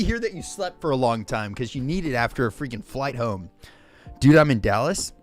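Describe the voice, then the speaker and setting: Man hosting a live stream, bouncy animated pitch, hyped and jokey, faint music behind. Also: fairly quick. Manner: excitable, says "freaking" constantly, shouts out names; jokey and hyperbolic. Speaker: livestream host. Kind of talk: casual chat greeting viewers.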